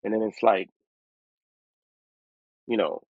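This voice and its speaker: Lower-voiced man on a tinny line. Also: slow pace, dry recording. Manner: lively, acts out other people's voices in his stories. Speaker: guest rapper. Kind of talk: storytelling interview. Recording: dry, tinny phone-like line.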